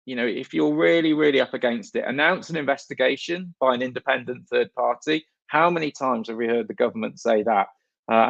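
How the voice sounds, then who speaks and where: A man from the north of England speaks at a conference with a gravelly edge to his voice, blunt and jokey with plenty of swearing. The recording is dry and a little dull. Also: medium pitch, a bit bright, no room sound. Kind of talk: conference talk.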